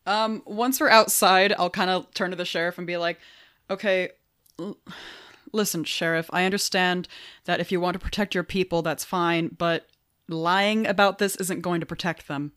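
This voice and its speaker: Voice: medium pitch, steady tone, normal speed, fairly bright tone, clean tone, dry recording, studio quality. A player in a casual tabletop game describing their character's actions, blunt in manner.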